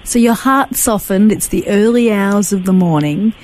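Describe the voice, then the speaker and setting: A woman interviewing a guest on radio. She draws out his story with gentle, reflective prompts. Her voice is of average pitch for a woman. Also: moderate pace, low-quality recording. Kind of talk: interview questions.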